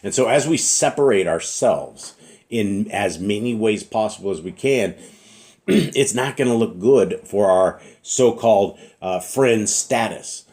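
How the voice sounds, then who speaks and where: Earnest low-voiced man preaching. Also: expressive, a little slow, a little mellow. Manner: earnest, repetitive, clears throat often. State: slight cough. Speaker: religious teacher. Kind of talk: informal preaching monologue.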